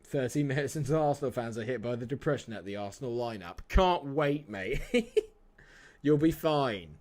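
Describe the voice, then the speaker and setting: A man, chatting casually and joking with viewers while streaming a game. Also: low voice. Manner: chatty, jokey, answers chat by name. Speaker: live-streamer. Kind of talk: casual live-stream chat.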